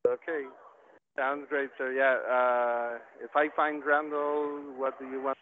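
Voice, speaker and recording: A man working at a restaurant answering the phone, polite and hesitant, with halting phrasing. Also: medium pitch, little pitch movement. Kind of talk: phone conversation. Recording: tinny phone line with faint hiss.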